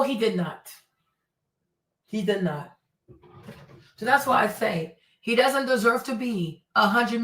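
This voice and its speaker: A woman hosting a celebrity commentary show, talking in an animated, exasperated way as she roasts people, mixing in a few Spanish phrases. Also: mid-range voice, roomy sound, far from the mic, low-quality recording.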